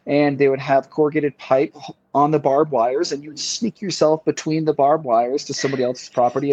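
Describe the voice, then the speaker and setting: A man's voice: mid-range voice, darkish tone, no echo. A man as a podcast guest, telling a long story in a casual, rambling way with many fillers and repeated words. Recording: slightly dull lo-fi sound.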